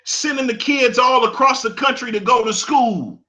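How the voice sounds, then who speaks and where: At a moderate pace, a male commentator with a very high-pitched, sharp voice delivers an emphatic, preachy monologue. He keeps repeating phrases for emphasis and laughs at his own arguments.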